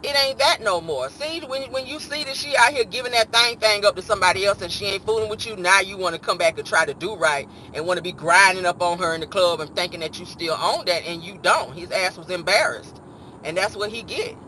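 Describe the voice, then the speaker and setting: A man hosting a casual gossip commentary show, sassy and animated, slipping into mock voices to act out the stories. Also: high voice, fairly quick, a little hiss or hum. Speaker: host.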